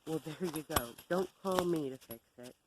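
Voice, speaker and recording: A woman's voice: low voice, normal speed, noisy background. A woman telling a story to camera in a sardonic, exasperated rant. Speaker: vlogger.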